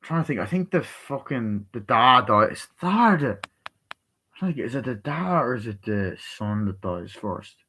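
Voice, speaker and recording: A man giving a casual, rambling movie review full of swearing, who acts out scenes by quoting the characters in quick voices. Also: medium pitch, very animated, pushed and bright, breathy edge, low-quality recording.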